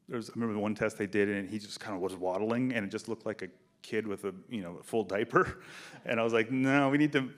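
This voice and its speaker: Low-ish guy director at a festival q&a, animated, acts out the quotes, chatty. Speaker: film director. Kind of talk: festival Q&A interview. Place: theater stage, in front of an audience.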